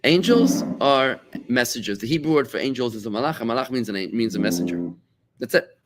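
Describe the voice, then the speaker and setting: Male rabbi, middle-aged, from South Africa; lively conversational teacher who repeats words and acts out other people's lines. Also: mid-range voice, fairly quick. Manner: animated, repeats words, acts out quoted voices. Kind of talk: conversational Torah class.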